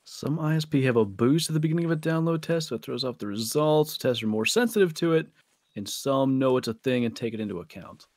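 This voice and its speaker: A man's voice: medium pitch, lively intonation, fast, a little mellow, dry recording. A man guest streamer chatting casually and trading wry banter.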